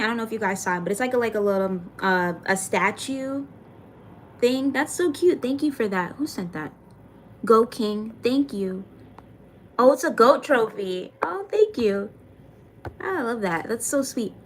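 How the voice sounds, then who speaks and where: Young woman streamer, slightly high voice, loose and chatty, curses casually. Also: lively intonation, moderate pace, a little hiss or hum. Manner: chatty, swears casually, thanks viewers by name. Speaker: livestreamer. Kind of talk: casual livestream chat reading comments.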